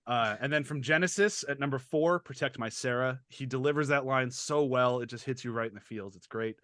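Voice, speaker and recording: A man's voice: medium pitch, brisk, fairly bright tone, no echo. A man co-hosting a film podcast in casual chat, enthusiastic, laughing often and swearing casually. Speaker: podcast co-host.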